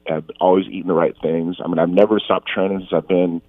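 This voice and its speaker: A man's voice: low voice, level tone, quick pace, dry recording, phone-quality sound. A man in his forties talking earnestly as an interview guest, often restarting and repeating himself. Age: 40s. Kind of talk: casual interview talk.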